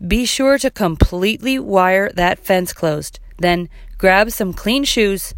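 Lady reading as a firm dad in a storybook, a bit lower, gravelly, dry sound. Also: slow, no echo. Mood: patient. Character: grown man, patient firm father.

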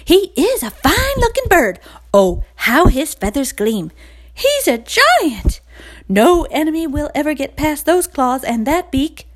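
A woman voicing a flock of excited hens in a storybook, gushing with admiration. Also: high voice, a little slow, pitched above the performer's own voice. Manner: gushing, squealing.

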